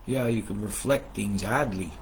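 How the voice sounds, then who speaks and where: Man, weather commentary, profane, lower pitch, faint noise. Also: moderate pace. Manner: profane, animated, swings between loud outbursts and muttering. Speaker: weather video host. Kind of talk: casual rambling weather commentary.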